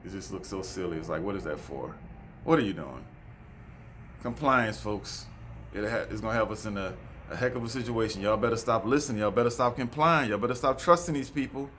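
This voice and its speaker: A male vlogger outdoors near a road gives a preachy, repetitive monologue to camera, addressing his viewers as folks. His voice is lowish, brisk, and fairly bright, with a little hiss or hum in the recording.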